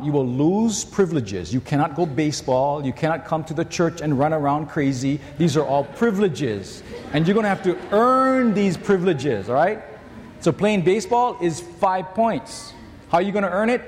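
A man preaching a sermon in a church, telling a personal story in a conversational, emphatic way that swings between loud and hushed. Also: a little high, animated, moderate pace, long reverb tail. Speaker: pastor.

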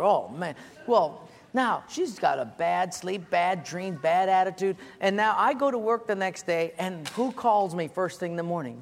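Animated pastor with a high voice. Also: male voice, a little slow, vocal fry. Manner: animated storyteller, acts out voices. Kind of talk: sermon with comic acted-out stories. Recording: echoey church hall, faint ambience.

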